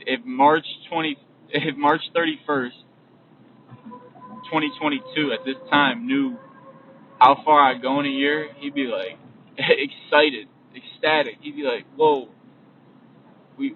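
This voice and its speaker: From inside a vehicle, a young podcast host rambles through a casual motivational talk in a mid-range voice, restarting sentences and repeating himself. Faint road noise runs under the distant, phone-like lo-fi audio.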